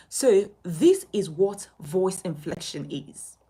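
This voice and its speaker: A woman's voice: lowish voice, slow, few pauses, breathy edge. A woman teaching a live-streamed lesson as a communication coach, emphatic, asking questions and answering them herself. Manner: animated, emphatic, asks and answers its own questions. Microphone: phone.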